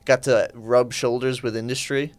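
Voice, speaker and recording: A man's voice: medium pitch, level tone, normal speed. Laid-back foul-mouthed male podcast host. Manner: laid-back, profane, joking. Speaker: podcast host and stand-up comedian. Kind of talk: casual comedic podcast chat.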